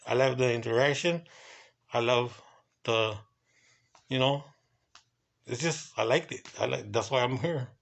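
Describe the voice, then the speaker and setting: A man who works hotel security, telling a casual story in loose, halting runs and bursting into profane exclamations. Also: mid-range voice, creaky. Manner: excitable and profane, breaks into quoted exclamations; talks in loose, halting runs with many fillers.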